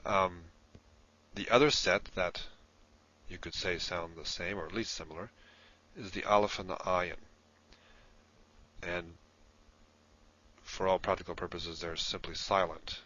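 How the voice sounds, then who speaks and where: A deep, low-pitched man talks through a lesson at an unhurried, measured pace. His tone is bright and forceful, though the audio sounds dull and lo-fi. He pauses often with ums as he explains. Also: fairly even intonation. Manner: slow, deliberate, explanatory with frequent ums. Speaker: Hebrew course narrator. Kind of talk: recorded lesson narration.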